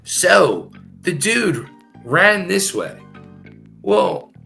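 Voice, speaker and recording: A man's voice: high-pitched, very animated, drawn-out words, vocal fry, bright, forceful tone, faint music behind. A middle-aged man, a former wrestler guesting on a podcast, telling wild stories in a casual, profane way, laughing and repeating himself. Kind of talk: casual storytelling.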